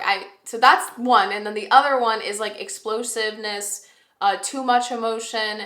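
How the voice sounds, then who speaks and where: A woman giving a casual, rambling tarot reading, often pausing to correct herself. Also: mid-range voice, pushed and bright. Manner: chatty, rambling, self-correcting, with fillers. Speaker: tarot reader. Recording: roomy echo.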